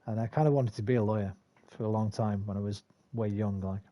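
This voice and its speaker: Sweary, rambling English gaming streamer. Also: male voice, fairly low pitch, steady tone, fast, mellow. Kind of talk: casual gameplay commentary.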